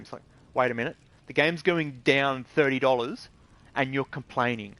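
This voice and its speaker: This Australian gaming creator has a mid-range, fairly bright voice and talks at a normal speed. His commentary is a casual, indignant rant, blunt and laced with swearing.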